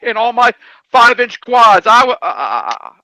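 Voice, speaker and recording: High, bright-voiced excitable man. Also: slow pace, no echo, rough recording. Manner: excitable, laughs often, repeats himself. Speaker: livestream co-host. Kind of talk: casual chat.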